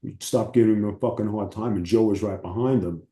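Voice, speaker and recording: A former wrestler, appearing as an interview guest, tells stories in a brisk, animated, profane way, often acting out other people's voices. His voice is low and dark, and the sound is roomy and echoey.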